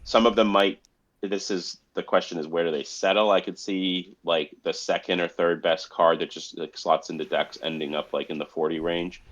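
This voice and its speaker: A man's voice: low-pitched, fairly even intonation, moderate pace, a bit bright. A man co-hosting a podcast, talking casually with many fillers. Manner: conversational, fillers like "like". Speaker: podcast co-host. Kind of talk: casual chat. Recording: dull lo-fi mic.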